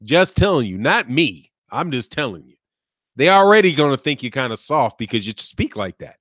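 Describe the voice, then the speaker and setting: A man with a Midwest American accent hosts a boxing channel live stream, reacting to chat in an animated, mocking way, laughing often and tossing in "man" and "dog.". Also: medium pitch, normal speed, no room sound, studio quality.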